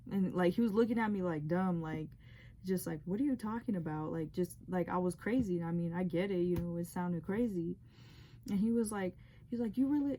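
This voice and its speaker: Mellow-voiced young woman, rambling confession. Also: on the low side. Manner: rambling, heavy use of "like". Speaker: vlogger sharing a testimony. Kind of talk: emotional personal storytelling.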